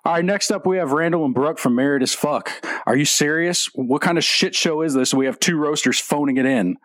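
A man's voice: a little high, fairly quick, a bit bright, no room sound. A man hosting a podcast roast, introducing roasters with profane, joking banter. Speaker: podcast host and roast emcee. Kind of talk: casual emcee banter.

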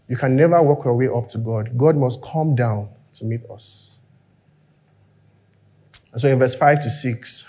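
Animated preacher with a high voice. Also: male voice. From Nigeria. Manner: animated, acts out biblical figures in quoted voices. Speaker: pastor. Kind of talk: sermon. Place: church hall.

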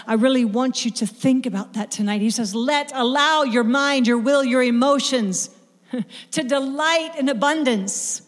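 A woman's voice: on the high side, big-room sound. A woman preaching a sermon to a live audience, speaking emphatically and often repeating words as she builds her point.

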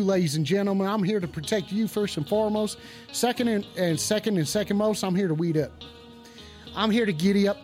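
A man's voice: high-pitched, lightly acted. A man playing a stoned, blustering cowboy host of a comedic call-in radio show, with a drawling, swaggering, profane way of rambling.

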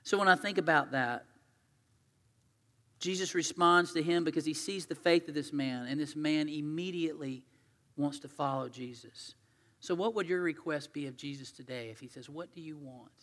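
Bright-voiced male pastor in a reverberant hall. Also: a little high, moderate pace. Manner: conversational storytelling, swinging from loud to hushed. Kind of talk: sermon.

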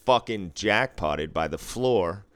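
A man with a very low, smooth, resonant voice tells animated, profanity-laced stories in casual chat, jumping into quoted back-and-forth. The sound is dry and close, with no room around it. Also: slow pace, no room sound. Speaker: casino floor worker.

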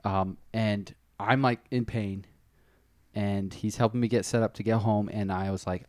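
A man's voice: fairly low pitch, steady tone, normal speed, no room sound, studio quality. A man telling a long story in casual podcast chat, rambling and filling it with "like" and restarts. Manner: rambling, full of "like" fillers and restarts.

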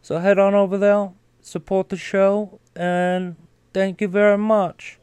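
A man's voice: high-pitched, little pitch movement, measured pace, a little mellow, smooth, no echo. A man doing an impression of an older Southern male ex-president, with a put-on Southern US accent and a folksy, drawling manner. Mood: pitchman.

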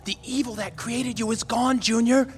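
An actress playing a sly, flirtatious spy recruiter with a coy, suggestive sing-song in a comedy audio drama. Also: female voice, fairly high pitch, steady tone, moderate pace, a little hiss or hum, natural voice. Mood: flirty.

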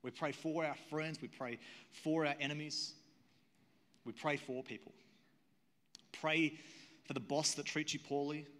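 A man's voice: a little high, steady tone, a little slow, pauses often, a bit bright. A man preaching a sermon as pastor in a church, earnest and repetitive, often asking the audience questions. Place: church auditorium. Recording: long hall reverb.

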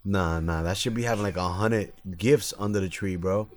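Laid-back New podcast host. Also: male voice, deep voice, moderate pace. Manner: laid-back, mumbling slang with restarts. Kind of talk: casual chat.

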